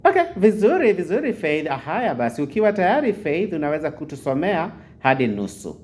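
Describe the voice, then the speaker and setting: A teacher wearing a face mask, correcting students' pronunciation slowly and carefully, switching between two languages. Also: medium pitch, big pitch swings, darkish tone. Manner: slow, careful pronunciation drills, switching between Swahili and English. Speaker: Swahili teacher. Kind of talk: classroom teaching.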